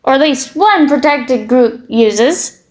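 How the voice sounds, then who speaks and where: High-voiced, slow, blunt woman reacting online. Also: expressive. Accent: Canadian-sounding. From Britain. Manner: opinionated, blunt, swears freely; halting, repeats words when starting a thought. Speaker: commentary streamer. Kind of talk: reacting to social media posts.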